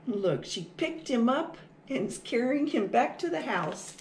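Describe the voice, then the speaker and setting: A woman's voice: on the high side, big pitch swings, measured pace, hardly any pauses, a little mellow, echoey room, slight background noise. A woman reading a picture book aloud to children, sing-song and asking them questions. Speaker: children's storytime reader.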